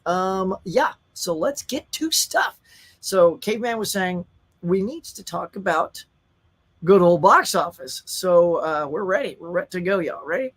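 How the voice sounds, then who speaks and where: Chatty high-voiced man. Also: moderate pace, a bit bright. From Colorado, USA. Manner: chatty, laughing, talking to chat viewers. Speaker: live stream host. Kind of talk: casual live stream chat, reading chat.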